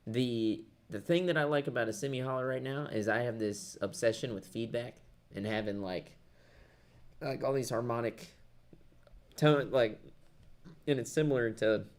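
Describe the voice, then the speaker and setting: Male co-host, low pitch, loose enthusiastic gear chat. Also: steady tone, normal speed. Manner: enthusiastic, loose, trailing off mid-sentence. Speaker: co-host of a guitar shop live stream. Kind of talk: casual chat.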